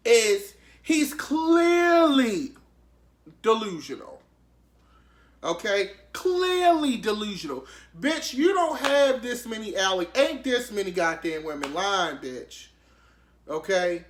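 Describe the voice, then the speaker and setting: A sassy, animated man riffs on the news in casual comedic commentary, cursing freely and jumping to shrieking highs. His voice is bright and edgy, and it bounces around an echoey room. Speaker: commentary vlogger.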